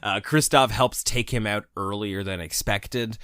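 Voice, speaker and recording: Bright animated guy on a podcast, swears a lot, laughs, dry close mic. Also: lowish voice, measured pace, smooth, dry recording. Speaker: podcast co-host. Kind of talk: casual podcast chat.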